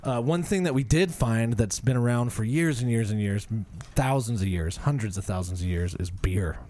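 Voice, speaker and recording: Man, mellow warm tone, casual podcast host, easygoing. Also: medium pitch, moderate pace. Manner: easygoing, filler-heavy. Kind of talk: casual chat with sponsor reads.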